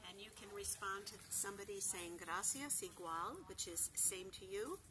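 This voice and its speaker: A woman of ordinary pitch teaches a beginner Spanish class. She says each example slowly and goes over it again with care. The recording carries a clear layer of background noise. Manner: slow, careful repetition of example phrases. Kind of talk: beginner language lesson.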